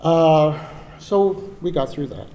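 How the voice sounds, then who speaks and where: A man's voice: fairly high pitch, expressive, takes it slowly, mellow. An older man with a Texan accent giving a heartfelt dedication speech from prepared remarks, sometimes repeating words as he restarts a phrase. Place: ceremony hall.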